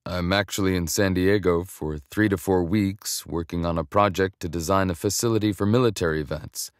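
A man's voice: deep voice, moderate pace, clear, resonant tone, no echo, clean studio sound. A man voicing a blunt, honorable former soldier in his late twenties who speaks tersely. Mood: steady.

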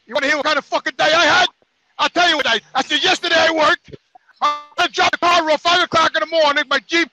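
A man's voice: very high-pitched, bright, forceful tone, no room sound, low-quality recording. A man telling an exasperated, profane story on a podcast, acting out the people in it. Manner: exasperated, heavy swearing, acts out quotes. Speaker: podcast regular.

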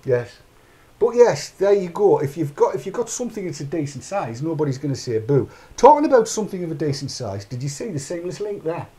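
A man's voice: on the high side, big pitch swings, a little fast, warm tone. Rambling man hosting. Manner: rambling, chatty, narrates his own actions aloud. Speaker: podcast host. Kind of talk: casual chat.

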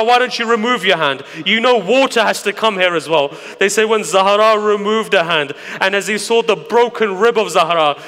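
Man preaching, grieving and impassioned, bright high voice, big echoey hall. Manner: grieving, impassioned, rises from hushed to loud. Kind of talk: mourning sermon. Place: large hall. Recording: long hall reverb.

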